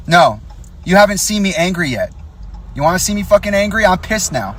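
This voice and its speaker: A man's voice: high voice, very animated, a little fast, fairly bright tone. A young man in an angry, profane direct-to-camera rant, confronting and accusing the people he addresses. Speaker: vlogger.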